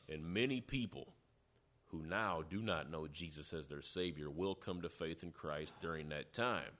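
A man preaching a sermon, teaching through scripture in a measured way. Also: low voice, fairly bright tone. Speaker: pastor.

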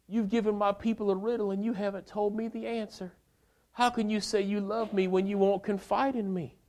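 A tearful young wife begs and whines in a thin, high falsetto, as a male preacher puts her on. Her pleading rises well above his own low register and breaks into a squeak. The wife sounds wounded and needy, retold as a story from the pulpit. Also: flat delivery, fairly quick, a little mellow.

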